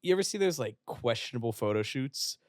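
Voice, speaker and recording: Profane, animated man telling stories. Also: medium pitch, brisk, no echo, clean studio sound. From West Virginia. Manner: profane, animated storyteller who acts out quotes. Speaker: guest, fitness influencer. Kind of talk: casual storytelling. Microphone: podcast studio microphone.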